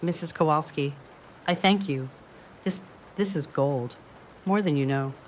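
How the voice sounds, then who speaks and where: Terse guarded young woman, low voice, short clipped lines, read by a woman narrator. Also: measured pace, slight background noise.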